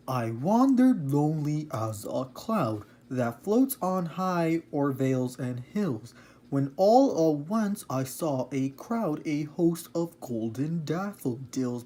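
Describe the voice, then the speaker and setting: A man's voice: a little high, mellow. A man playing an earnest male romantic poet who speaks as a guest in a lecturing, explanatory way. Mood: reciting.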